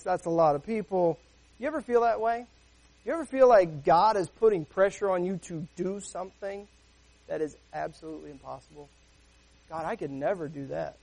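High-voiced man preaching conversationally. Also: vocal fry, dark tone. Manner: conversational preaching with rhetorical questions. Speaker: pastor. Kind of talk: sermon.

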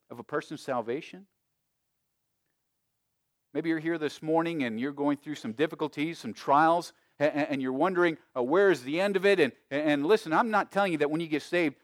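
A man preaching a sermon as pastor, emphatic, with big swings between loud and quiet and frequent restarts. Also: fairly high pitch, no echo, clean studio sound. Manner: frequent repeated words and restarts.

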